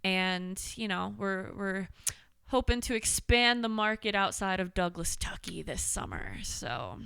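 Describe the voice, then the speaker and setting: Bright, smooth-voiced young woman chatting. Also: mid-range voice, lively intonation, measured pace, no echo, studio quality. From Pennsylvania. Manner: upbeat, joking and chatty. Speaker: country pop singer, guest. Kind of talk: casual chat.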